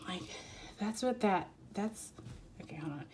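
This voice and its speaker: A woman giving an intuitive card reading, rambling and halting with many fillers and growing emotional as she talks. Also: medium pitch, animated, a little mellow, a little hiss or hum. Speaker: tarot reader. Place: quiet room at home.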